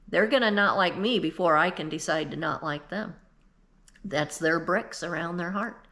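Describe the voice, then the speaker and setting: A woman's voice: medium pitch, normal speed, a bit bright. A woman in her fifties giving an earnest, emotional devotional talk, speaking straight to the listener and tearful at times. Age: 50s. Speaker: Christian speaker.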